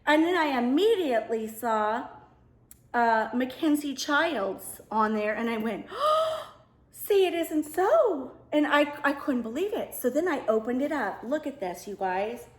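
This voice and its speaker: A woman's voice: on the high side, lively intonation, moderate pace, roomy sound. A middle-aged woman vlogging casually to her viewers, gushing and emotional, often calling them "you guys.". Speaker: home decor vlogger. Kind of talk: casual chat to camera.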